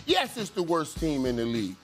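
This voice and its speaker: A man who once played football, arguing excitedly on a sports debate show and stumbling over repeated words. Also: a little high, a little fast, faint music behind. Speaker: sports analyst, former player.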